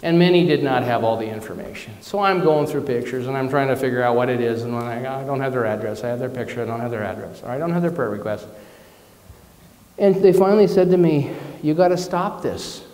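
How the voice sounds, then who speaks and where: A man's voice: mid-range voice, fast talker, darkish tone. A man preaching a conversational sermon as minister, candid and personal, telling stories with self-deprecating asides. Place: church or spiritual centre hall. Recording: echoey hall with long reverb.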